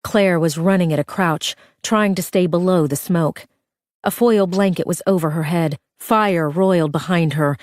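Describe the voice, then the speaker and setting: A woman's voice: low voice, darkish tone, no echo, studio quality. Woman narrating a tense thriller. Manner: tense, urgent dramatic reading. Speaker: audiobook narrator.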